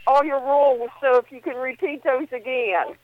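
A woman's voice: sits high, moderate pace, phone-quality sound. A woman calling in to a radio show, talking with her mouth full of gauze. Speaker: caller. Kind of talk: phone call to a radio show.

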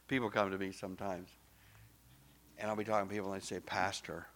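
A middle-aged male pastor preaching a sermon, emphatic and swinging from soft, low asides to loud exclamations. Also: level tone, brisk, long pauses.

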